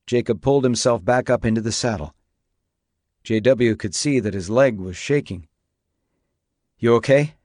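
An audiobook narrator reads a novel in an even, measured storytelling voice as scripted narration. He has a lowish voice, and the studio recording is clean with no room sound.

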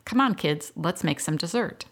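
A woman voicing a gentle young woman caring for twin girls, coaxing and warm with them. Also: fairly low pitch, lively intonation, moderate pace.

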